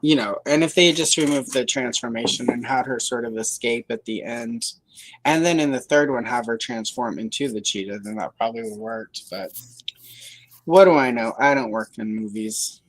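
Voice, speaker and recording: A woman's voice: a bass voice, normal speed, a little hiss or hum, rough recording. A woman hosting a livestream, chatting casually in a rambling, hedging way with dry sarcasm. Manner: rambling, hedging, full of fillers and self-corrections. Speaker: livestream host.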